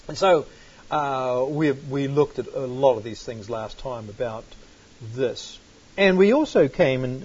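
A man's voice: mid-range voice, darkish tone, slightly rough. A man teaching a Bible study sermon, reading scripture aloud and breaking into sudden emphatic bursts. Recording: dull lo-fi recording.

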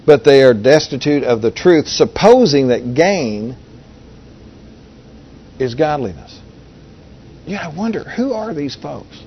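A man's voice: on the high side, big pitch swings, measured pace, pauses often, slightly rough. A man preaching a sermon in a folksy, conversational way, reading scripture and asking the audience rhetorical questions. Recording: dull lo-fi recording with faint hiss.

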